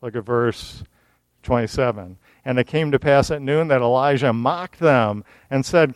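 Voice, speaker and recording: A man's voice: medium pitch, normal speed, no echo. A man preaching a sermon, reading a scripture passage aloud and explaining it in plain everyday words. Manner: mocking, animated asides.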